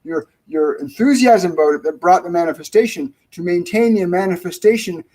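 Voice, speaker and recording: A man's voice: sits high, a little fast, a little mellow, poor audio. A middle-aged man hosting a live-stream spiritual Q&A, rambling and repeating phrases for emphasis. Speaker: spiritual medium, show host.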